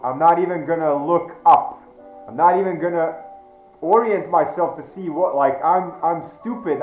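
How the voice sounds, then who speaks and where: Brief: non-native English-speaking male host, fairly high voice, slow deliberate storytelling, echoey room. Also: darkish tone. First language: not English. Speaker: channel host. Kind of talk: reflective storytelling monologue.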